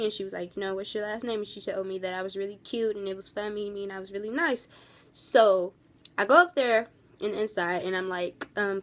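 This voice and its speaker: A young woman vlogging in a casual, rambling storytime, gushing and full of fillers. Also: mid-range voice.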